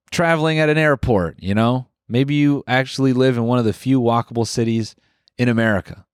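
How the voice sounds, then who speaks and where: A man's voice: medium pitch, no room sound, clean studio sound. A man co-hosting a podcast, reading a sponsor ad in a loose, chatty way with lots of fillers. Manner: loose, filler-heavy ad read. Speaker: podcast co-host. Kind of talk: casual chat and host-read ad.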